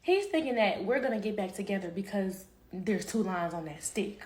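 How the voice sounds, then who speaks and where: A woman's voice: mid-range voice, lively intonation, normal speed, darkish tone. A woman telling a personal story casually to a live-stream audience, chatty and direct. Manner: chatty, addresses listeners as y'all, quotes others.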